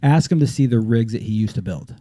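A man's voice: mid-range voice, fairly quick, no echo, studio quality. A man in casual podcast chat, talking animatedly and swearing freely. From not from Texas, lives in Texas. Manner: animated, swears, slips into a put-on drawl when excited.

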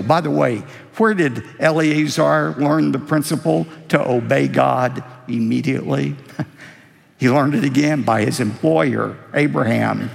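A man preaching a sermon as pastor, with expressive, emphatic delivery that rises on key lines. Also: medium pitch, measured pace, creaky. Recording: reverberant hall.

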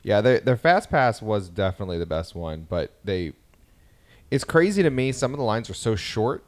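Speaking at a normal speed in a lower register, this podcast co-host is a man in his thirties. He swaps family anecdotes casually and animatedly performs his children's lines as he goes.

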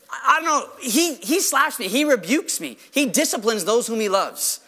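Male pastor preaching; very high, bright, lively voice; rhetorical and animated. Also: brisk, few pauses. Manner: animated, rhetorical questions, acts out quoted voices. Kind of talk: sermon.

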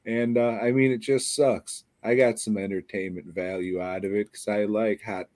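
A man's voice: fairly low pitch, fairly even intonation, moderate pace, darkish tone, dry recording. A tired man co-hosting a podcast, ranting sarcastically and profanely about a bad movie in a rambling, casual way. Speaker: podcast co-host.

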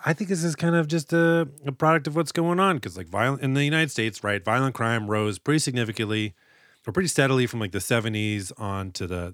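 A man's voice: medium pitch, a bit bright, dry recording, clean studio sound. A man co-hosting a movie podcast, chatting casually and sarcastically about a film's script, swearing freely. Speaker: podcast co-host. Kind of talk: casual movie-review chat.

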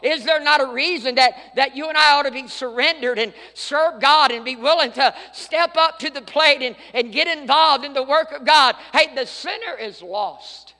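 A middle-aged man preaching a fervent sermon in a church, swinging between loud cries and hushed tones. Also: very high-pitched, moderate pace, hardly any pauses, long reverb tail. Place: church sanctuary.

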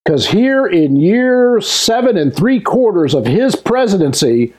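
A man's voice: high-pitched, big pitch swings, measured pace, a little mellow. A man co-hosting a comedy talk show, joking and hesitating with many ums. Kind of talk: casual comedic banter.

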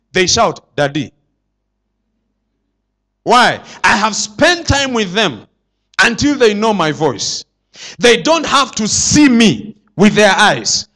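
A man preaching a sermon to his church, swinging between loud declarations and hushed asides. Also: high-pitched. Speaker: pastor.

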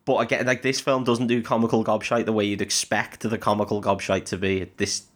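Man, low-pitched, rambling podcast host, jokey and sweary, casual chat. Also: little pitch movement, brisk. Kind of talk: casual chat retelling a film.

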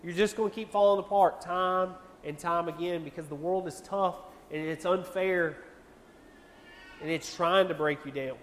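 A man's voice: high-pitched, normal speed, slight background noise. A young man preaching to a youth group in a church, earnest and conversational, firing off rhetorical questions. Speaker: youth pastor. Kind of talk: sermon. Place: church hall. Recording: long church-hall reverb.

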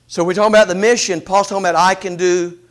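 A man preaching a sermon, asking rhetorical questions in an animated delivery. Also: high-pitched, quick pace.

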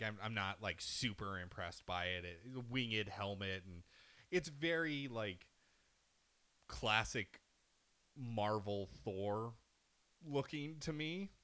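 Bright-voiced man retelling a game, animated. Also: lowish voice, clean tone. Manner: animated storytelling with profanity, acting out characters. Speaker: podcast co-host. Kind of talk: casual chat about a video game.

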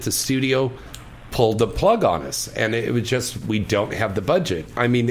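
A middle-aged man hosting a radio talk show, joking crudely and chatting casually. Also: medium pitch. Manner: crude, boastful banter.

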